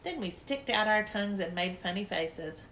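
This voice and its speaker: A woman's voice: medium pitch, expressive, moderate pace, fairly bright tone. A woman narrating a children's story in first person, in a chatty, childlike little-girl voice. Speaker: audiobook narrator.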